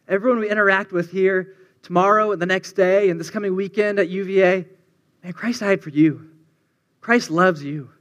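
A man's voice: high-pitched, fairly bright tone. A man preaching a sermon to students, earnest and building on repeated refrains. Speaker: campus preacher.

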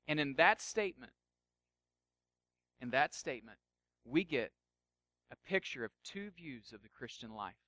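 Bright-voiced man preaching a sermon. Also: mid-range voice, animated, measured pace, pauses often, dry recording. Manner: conversational, jokey, drops to soft intensity. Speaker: pastor.

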